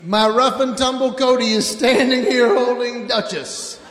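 A man's voice: very high-pitched, fairly even intonation, a little slow, a bit bright, big-room sound, slight background noise. A man doing stand-up comedy before a live audience, animatedly telling family stories.

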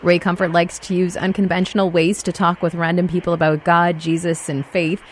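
A woman interviewer reads scripted questions in a measured way. Her voice sits on the low side, and there is faint noise behind her. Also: flat delivery.

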